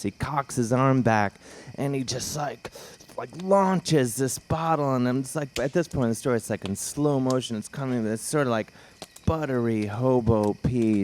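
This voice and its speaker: A man telling a funny story live to an audience, rambling and animated with lots of fillers. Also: mid-range voice. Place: live event before an audience.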